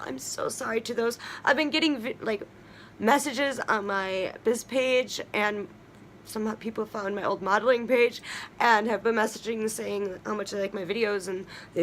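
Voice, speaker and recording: Bright-voiced woman chatting casually. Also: on the high side, a little hiss or hum. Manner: chatty, rambling, with fillers and quick asides. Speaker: vlogger sharing witchcraft tips. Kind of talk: casual chat to camera.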